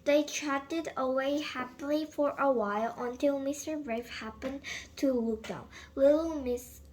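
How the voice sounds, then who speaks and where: A woman reads a children's picture book aloud, often stumbling and restarting her words. Her voice is high, and she reads at a slow pace. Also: fairly even intonation, a little mellow, a little hiss or hum, low-quality recording. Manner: halting, with frequent slips and restarts. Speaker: storyteller.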